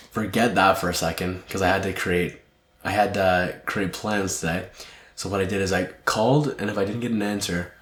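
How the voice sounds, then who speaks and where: A young man with a low voice talks through his week in a loose, candid monologue, dropping swear words and wandering between thoughts. He sounds tired and underslept. The room around him is echoey. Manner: candid, swears often, rambling. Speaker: podcast host. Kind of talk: casual reflective monologue.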